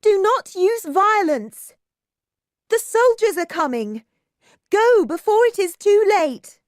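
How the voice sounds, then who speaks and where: A woman voicing a brave, passionate young woman with a high, urgent, pleading voice. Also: very animated, takes it slowly, no room sound, studio quality, exaggerated voice. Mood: alarmed.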